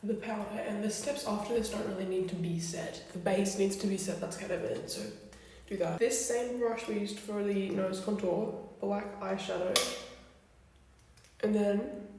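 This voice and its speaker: A woman's voice: medium pitch, a little mellow, slight background noise. A young woman chatting casually through a makeup tutorial, blunt and swearing freely. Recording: very echoey room, distant from mic.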